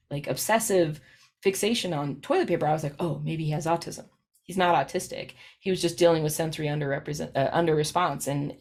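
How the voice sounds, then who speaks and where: A woman's voice: fairly low pitch, a little mellow. Chatty woman presenting. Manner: casual, chatty, frequent fillers, acts out quoted parents. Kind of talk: recorded professional presentation.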